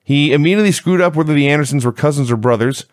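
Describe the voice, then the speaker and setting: A man's voice: on the high side, rapid-fire, no room sound. A man co-hosting a wrestling review podcast, recapping events in a dry, sarcastic way. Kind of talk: casual chat, recapping.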